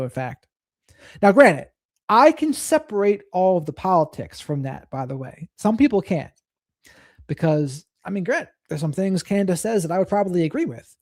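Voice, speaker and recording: Guy streaming, chatting about clips, mellow dark voice, dry close sound. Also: fairly high pitch, no echo. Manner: reflective, reads chat and thanks viewers. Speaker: host of a live stream reacting to clips. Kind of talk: casual live-stream commentary.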